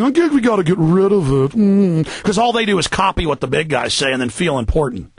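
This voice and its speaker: A man's voice: fairly high pitch, vocal fry, slightly rough, no echo. A man hosting a talk radio show, delivering a fiery, heated rant.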